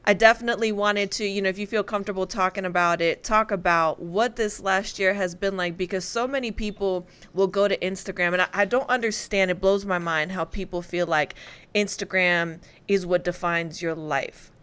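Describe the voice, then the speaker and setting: A woman's voice: medium pitch, fairly even intonation, moderate pace, fairly bright tone, smooth. A woman hosting a talk show, chatty and encouraging as she leads into questions with playful asides. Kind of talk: conversational interview.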